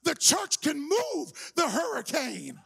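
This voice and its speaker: A man preaching a sermon as pastor, telling a story with shouting, playful energy. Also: extremely high pitch, huge pitch swings, slow, gravelly, slight background noise. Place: church sanctuary.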